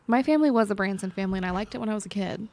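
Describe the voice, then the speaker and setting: A young woman co-hosting a podcast, chatting casually and telling embarrassing stories about herself with lively, self-mocking energy. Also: medium pitch, very fast, a little hiss or hum. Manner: animated, self-deprecating storytelling. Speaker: podcast co-host. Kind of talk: casual chat and anecdote. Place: library recording room.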